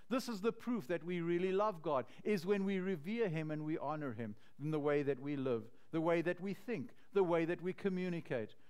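A man pastor preaching a sermon in an earnest, slow and emphatic way. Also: fairly high pitch, darkish tone, clear, resonant tone.

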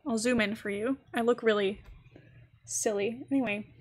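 A woman's voice: on the high side, steady tone, normal speed, darkish tone, breathy edge. A woman streaming a game live, chatting casually and giggling as she talks to her chat. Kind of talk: casual gaming livestream chat.

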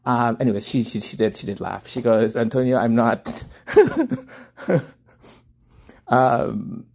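With vocal fry and a slightly rough, medium-pitched voice, the podcast host takes his time telling a story. His monologue is casual and lively, punctuated by frequent laughter as he acts out each side of a conversation.

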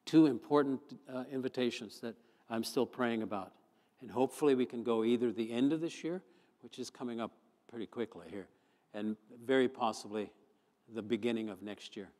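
A man, a pastor, preaching a sermon, moving from chatty storytelling to fervent, loud emphasis. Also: mid-range voice, brisk. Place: church sanctuary. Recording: long church hall reverb.

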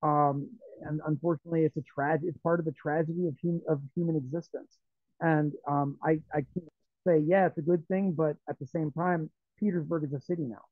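Brief: high-pitched male interview guest, rambling storyteller, dry phone-quality audio. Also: fairly quick, no room sound. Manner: rambling, animated storytelling with frequent restarts. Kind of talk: conversational interview. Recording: tinny, phone-like dry sound.

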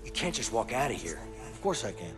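Einen schroffen Häftling im Videospiel. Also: male voice, fairly low pitch, very animated, fast talker, over music. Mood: tense. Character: gruff adult male prison inmate. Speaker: video game characters. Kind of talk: game cutscene dialogue.

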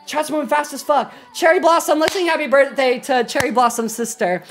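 High-voiced gushing woman streamer. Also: brisk, few pauses, noisy background. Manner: gushing, rambling, energetic. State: slightly croaky. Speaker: livestreamer. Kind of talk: casual stream sign-off chat.

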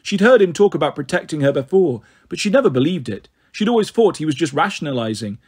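A man reading a novel aloud in a steady storytelling voice, giving the characters their own voices. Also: a little high, quick pace, husky. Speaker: audiobook reader.

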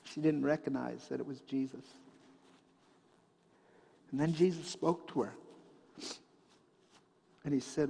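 A man preaching a sermon in a church, telling a story and swinging between loud passages and hushed ones. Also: medium pitch, fairly even intonation, unhurried, vocal fry, long pauses, slightly rough, in a large hall. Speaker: pastor. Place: church sanctuary.

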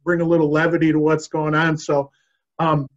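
High-voiced man rambling through a joke. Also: monotone, normal speed, muffled recording. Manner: self-deprecating, rambling delivery. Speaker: staff meeting host. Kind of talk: casual joke telling.

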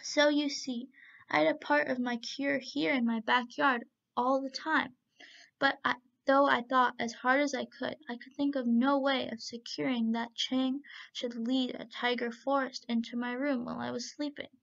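A gentle, soothing young man from a storybook tale, read by a woman in a high, gravelly voice. He talks earnestly and kindly, through a muffled lo-fi recording. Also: little pitch movement, normal speed.

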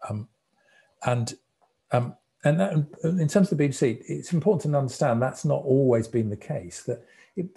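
Man in his 60s, low mellow voice, relaxed storyteller at a society talk. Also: creaky. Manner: conversational storyteller, relaxed and reflective. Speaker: guest speaker, former broadcasting executive. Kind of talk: anecdotal public talk.

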